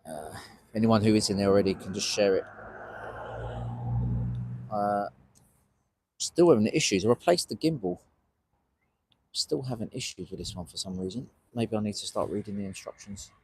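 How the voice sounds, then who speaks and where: A man's voice: on the low side, expressive, moderate pace, long pauses, darkish tone, slight background noise. Guy streaming live outside, chatty and rambling, small mic on him. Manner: rambling, chatty, talks to chat viewers. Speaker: livestreaming citizen journalist. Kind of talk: casual live-stream commentary. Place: outdoors on a street at a protest. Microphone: small wearable mic.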